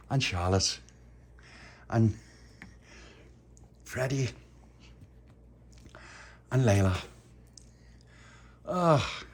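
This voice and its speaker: Gentle, slow-talking man telling a bedtime story. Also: mid-range voice. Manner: gentle, playful, laughs often. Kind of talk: homemade children's bedtime story.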